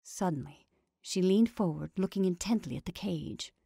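Low-voiced woman reading a story. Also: vocal fry, warm tone, breathy edge, dry recording, clean studio sound. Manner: measured, dramatic narration.

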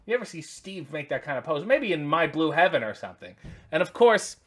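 A man's voice: on the high side, big pitch swings, fairly quick, a bit bright. A man in his forties hosting a casual unboxing video, rambling with wry jokes and many asides. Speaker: channel host.

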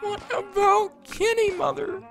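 A woman's voice: very high voice, level tone, unhurried, a bit bright, soft background music, voice pushed up, full character voice. A woman voicing a whiny, clingy grown son who pleads with his mother in a survival game. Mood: pleading.

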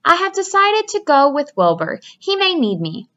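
Lady doing a soft calm wise spider, a bit higher than her normal voice, muffled sound. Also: moderate pace, full character voice. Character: gentle wise female spider. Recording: dull lo-fi recording.

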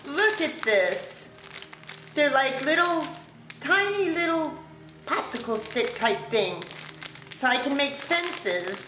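Slow, gushing woman in an echoey room. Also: high-pitched. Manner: gushing, excited, thankful. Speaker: craft vlogger opening happy mail. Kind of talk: casual unboxing chat. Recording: echoey room with background noise.

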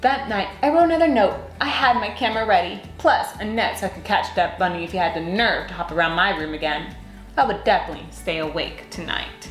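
A woman reading a children's picture book aloud in an expressive, sing-song way. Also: mid-range voice, fairly quick, echoey room, soft background music. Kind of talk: read-aloud storytelling.

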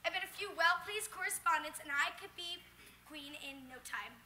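A woman's voice: moderate pace, bright, forceful tone, slight background noise, exaggerated voice. Young woman playing Lucy, a bossy little girl. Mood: scheming. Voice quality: shrill, demanding. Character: bossy little girl dreaming of being queen. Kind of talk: stage musical acting. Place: summer camp stage.

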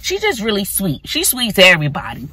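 A woman vlogging casually to her phone from her car, chatty and animated, talking to viewers as y'all. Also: medium pitch, brisk, husky. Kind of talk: casual vlog talk to camera. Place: in or near her car outdoors in sun.

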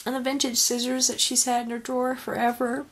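A woman's voice: on the high side, little pitch movement, a little fast, fairly bright tone, a little hiss or hum. A woman crafter unboxing a handmade gift in a casual home vlog, gushing and emotional with many sighs and exclamations. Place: home craft room with dog nearby.

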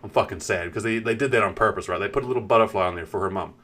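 A man's voice: fairly low pitch, racing, a bit bright. A man streaming and chatting casually, rambling with lots of fillers and swearing while acting out what people said. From New Zealand. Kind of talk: casual chat.

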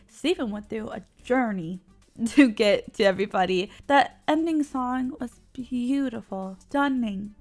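A woman's voice: a little high, measured pace, darkish tone, faint music behind. A woman hosting a casual reaction video, exclaiming, laughing and talking back to the screen. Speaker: host reacting to a cartoon. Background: faint cartoon audio underneath.

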